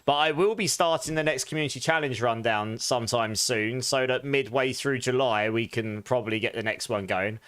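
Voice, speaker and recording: A man's voice: mid-range voice, normal speed, few pauses, a bit bright, smooth, no room sound. A man streaming a game live, chatting casually with viewers and laughing often. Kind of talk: casual live stream chat while gaming.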